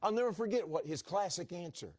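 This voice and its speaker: A man's voice: high-pitched, lively intonation, fairly quick, dry recording, studio quality. A middle-aged man preaching as an evangelist in a church, telling a folksy story and acting out the dialogue. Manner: folksy, acts out dialogue with restarts. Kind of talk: storytelling sermon.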